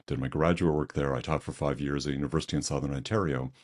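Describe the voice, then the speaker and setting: Very deep-voiced older Canadian man. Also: fairly even intonation, quick pace, a little mellow. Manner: conversational, self-deprecating storyteller. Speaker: webinar presenter. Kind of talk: storytelling presentation.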